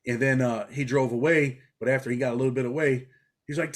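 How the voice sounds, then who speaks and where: A fast-talking, blunt, streetwise man from New York, a former prisoner, tells stories as a guest in a casual interview. His pitch is medium with fairly even intonation, and he uses "man" and "bro" a lot.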